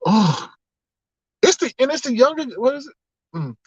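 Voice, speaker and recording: A man hosting a casual livestream, reading the chat and telling stories in an animated, exclamatory way, often laughing. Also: extremely high pitch, fast talker, no echo. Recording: dull, slightly lo-fi, dry sound.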